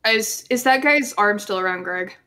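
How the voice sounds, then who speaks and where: A woman playing a tabletop game, talking quickly and casually. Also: mid-range voice, expressive, sharp tone, clear, resonant tone. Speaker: player.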